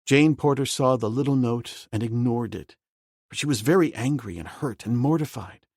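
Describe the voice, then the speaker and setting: Man reading an audiobook, steady and measured, middle pitch, dry close mic. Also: breathy edge, no room sound. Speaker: audiobook narrator. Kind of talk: scripted audiobook narration.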